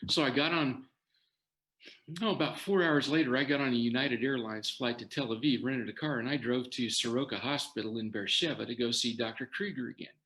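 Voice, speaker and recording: Older male guest, mid-pitched, animated storyteller in a talk. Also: a little fast, few pauses. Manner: animated storyteller quoting others' words. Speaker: guest sharing his story.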